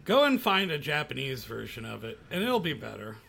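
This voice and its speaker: A man in casual group chat making deadpan, provocative jokes. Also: mid-range voice, brisk, creaky. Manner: deadpan provocative one-liners. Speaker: podcast co-host.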